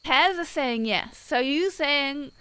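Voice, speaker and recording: A woman's voice: sits high, lively intonation, slow, pushed and bright. A young woman streaming live, chatting casually and reading out viewers' messages in a blunt, wry way.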